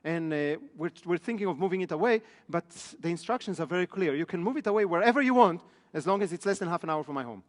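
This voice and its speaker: High-voiced male trainer in an echoey hall. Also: animated, fast, few pauses. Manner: asks the room frequent check questions. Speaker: business trainer. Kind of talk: live seminar lecture. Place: training room in front of an audience.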